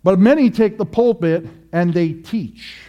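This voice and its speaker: Emphatic high-voiced male pastor preaching slowly. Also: warm tone. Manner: emphatic preaching with repeated phrases and rhetorical questions. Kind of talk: sermon.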